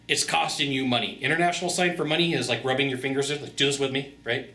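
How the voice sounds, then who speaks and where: Bright, energetic man in a roomy space. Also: a little high, fast. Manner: energetic, chatty, repeats phrases for emphasis. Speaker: sales coach. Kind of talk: casual direct-to-camera sales tips. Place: Sacramento, California. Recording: roomy echo.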